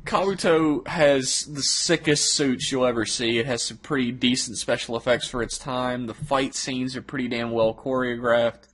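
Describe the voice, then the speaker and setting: A young man co-hosts a casual podcast, voicing firm opinions with easy laughter. His voice sits at a plain middle pitch. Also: fairly even intonation, moderate pace, few pauses, a bit bright. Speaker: podcast co-host. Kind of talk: casual chat.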